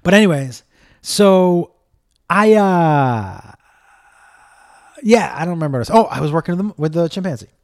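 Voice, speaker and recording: A middle-aged man hosting a casual comedy podcast, telling stories in an animated way, acting out the people he quotes, swearing often. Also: on the high side, normal speed, long pauses. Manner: animated storytelling, acts out quotes, swears, talks to his dog.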